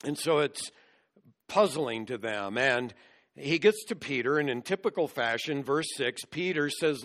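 A man's voice: mid-range voice, measured pace, a bit bright. A man preaching a sermon, earnestly explaining scripture verse by verse.

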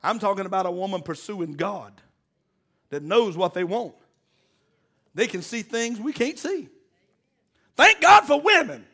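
A man's voice: sits high, animated, moderate pace, long pauses. A man preaching a sermon, exhorting the congregation in call-and-response and mixing in folksy jokes.

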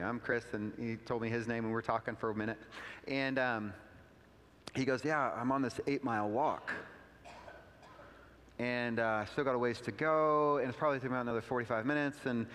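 A male pastor delivers a sermon in a church sanctuary, his mid-pitched voice carrying a long hall reverb. He talks in a relaxed, conversational way, full of little asides, and climbs in pitch whenever he drives a point home. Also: brisk. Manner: conversational storytelling with asides, pitch rising for emphasis.

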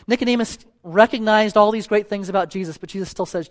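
A church elder preaches an earnest, pleading sermon, repeating phrases for emphasis before ending in a spoken prayer. His high voice is steady, quick, and has few pauses.

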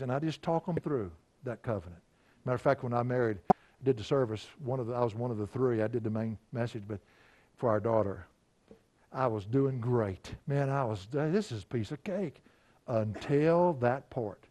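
A middle-aged male pastor preaches in an easy, conversational way. He moves from story to story and chuckles along the way. His voice sits at an ordinary middle pitch. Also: a little mellow. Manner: folksy, conversational, chuckling anecdotes. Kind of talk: storytelling sermon.

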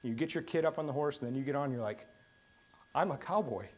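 A man's voice: medium pitch, rapid-fire, a little mellow. A man preaching a sermon, telling stories with humor and rising to sudden bursts of emphasis. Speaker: pastor.

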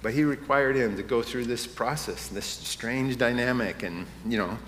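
A man's voice: medium pitch, normal speed, fairly bright tone, slight background noise. Male pastor preaching in an echoey hall. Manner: conversational preaching that rises to impassioned emphasis. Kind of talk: sermon. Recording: echoey hall with faint room ambience.

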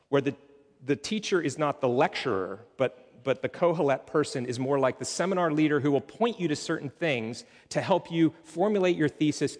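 A man's voice: fairly high pitch, big-room sound. A man giving a teaching sermon, explaining words and ideas step by step, with rising emphasis on key points. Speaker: preacher.

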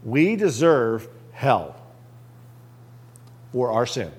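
A man's voice: mid-range voice, very animated, very slow, a little mellow, slightly rough. A man as a pastor, preaching a conversational sermon and asking the listeners rhetorical questions.

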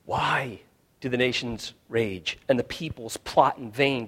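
A male pastor preaching a sermon, swinging from hushed, quiet lines to loud shouted ones. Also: mid-range voice, measured pace, husky.

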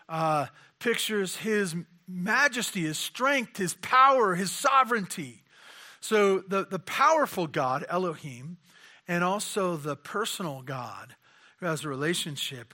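A man's voice: a little high, bright, forceful tone. A man preaching a conversational sermon, asking rhetorical questions and often repeating his words.

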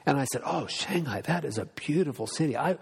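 A man's voice: fairly high pitch, expressive, brisk, gravelly, slightly rough. Preaching man in a reverberant hall. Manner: earnest storytelling preacher, acts out quoted voices. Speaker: pastor. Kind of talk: sermon.

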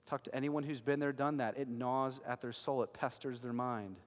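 A man preaching a sermon as a pastor, emphatic and swinging from loud declarations to hushed lines. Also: medium pitch, steady tone, normal speed, big-room sound.

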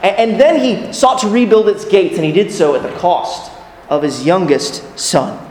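A man's voice: high voice, very animated, moderate pace, a little mellow, a little hiss or hum. A man preaching a sermon as a pastor, earnest in tone, putting rhetorical questions to his listeners. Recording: echoey hall with long reverb.

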